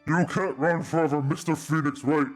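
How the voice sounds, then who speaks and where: A woman voicing a stern old male judge in a dream, loud and commanding. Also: low-pitched, fairly even intonation, normal speed, faint music behind.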